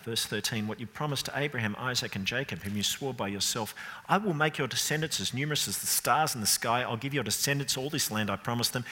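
Preacher with a bright, lively voice in a reverberant hall. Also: male voice, medium pitch. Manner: expressive, rising emphatic delivery. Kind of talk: sermon. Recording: long reverb of a large hall.

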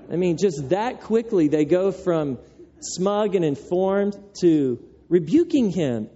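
Animated man preaching a conversational sermon. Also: on the high side, slow, highs cut off. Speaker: pastor.

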